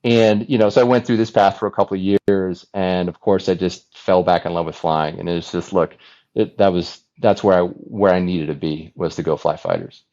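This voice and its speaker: Low-voiced man telling stories, lo-fi sound. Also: moderate pace. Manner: animated, chatty, many restarts and laughs. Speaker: podcast guest, former Navy fighter pilot. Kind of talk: casual storytelling interview.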